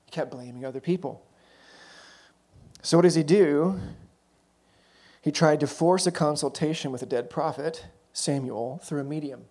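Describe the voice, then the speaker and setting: Guy preaching a sermon, kinda higher voice, chatty storytelling, lots of little asides. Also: moderate pace, a little mellow. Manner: conversational storytelling with asides and self-corrections.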